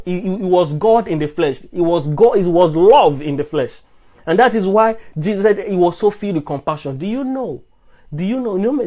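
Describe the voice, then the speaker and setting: On a live stream, a man with a high, slightly mellow voice answers comments by preaching about love and manhood. He fires off emphatic rhetorical questions and often restarts and repeats himself.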